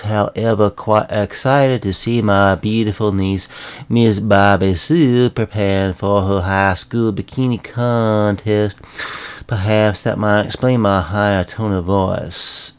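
A man voicing a blustering small-town Southern sheriff in a comedy radio bit, with a slow, slurry, pompous drawl and a Southern accent. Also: fairly low pitch, clean tone. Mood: indignant.

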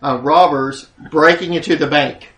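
A man in casual political chat who speaks haltingly, often restarting his sentences. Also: fairly high pitch, fairly even intonation, fairly bright tone, reverberant.

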